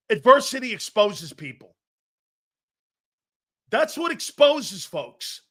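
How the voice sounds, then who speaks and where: Guy ranting about football, swearing a lot, high voice that swings all over, super heated. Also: pushed and bright. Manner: profane, fired-up, emphatic. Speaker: sports commentator. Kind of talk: heated sports rant.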